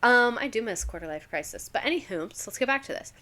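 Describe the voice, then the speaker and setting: A woman's voice: a little high, expressive, fast talker, pushed and bright. A young woman, a former teacher, chatting casually on a livestream, reading stories aloud, laughing often and swearing freely.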